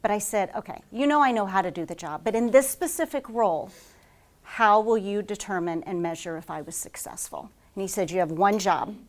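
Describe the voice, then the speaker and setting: A woman HR consultant giving a conference talk to a live audience, telling stories at a rapid clip with frequent fillers. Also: medium pitch. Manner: fast-paced, says she talks like an auctioneer; lively storytelling with frequent "um" fillers.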